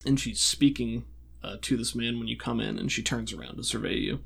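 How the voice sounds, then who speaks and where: A man working as game master, narrating a tabletop role-playing game in a relaxed, descriptive way with frequent fillers. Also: medium pitch, brisk, gravelly, slightly rough.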